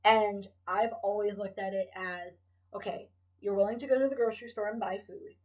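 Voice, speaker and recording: A woman's voice: medium pitch, fairly even intonation, moderate pace, distant mic, dull audio. A woman hosting her own podcast, talking candidly and emotionally, swearing freely and rambling with restarts. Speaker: podcast host. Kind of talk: candid solo podcast monologue.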